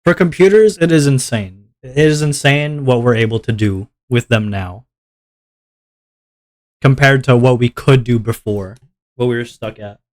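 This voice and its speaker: A man's voice: medium pitch, measured pace, darkish tone. A male streamer chatting casually to his viewers while drawing, rambling and poking fun at himself with frequent laughs. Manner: rambling and self-mocking, laughs often.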